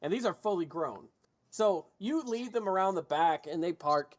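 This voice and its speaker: Male game master, slightly high voice, loose and chatty, stammers through narration. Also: lively intonation, normal speed. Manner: casual, stammering restarts and swearing.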